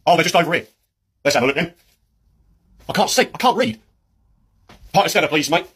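A man's voice: a little high, animated, brisk, fairly bright tone, slightly rough. A man doing a fussy British pub regular. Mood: grumbling. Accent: British English. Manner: grumbling, cheeky, keeps calling people mate. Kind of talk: comedy sketch character.

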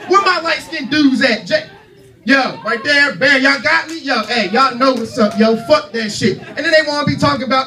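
A man in his thirties doing a loud, brash, profane stand-up set to a club crowd. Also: extremely high pitch, normal speed, recorded from a distance. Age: 30s. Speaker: stand-up comedian. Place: comedy club stage.

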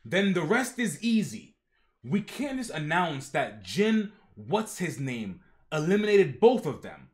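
A man's voice: fairly high pitch, unhurried. A young man streaming a live reaction, reading comic dialogue aloud with slangy asides and doing the characters' lines. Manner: animated, slangy, reads character lines in voices.

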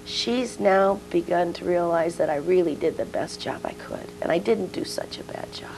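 A woman's voice: lowish voice, moderate pace, creaky, in a whisper, rough recording. A woman in her sixties, a guest in an interview, telling personal stories and acting out the dialogue. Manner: storytelling, acts out quoted dialogue. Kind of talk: casual interview chat.

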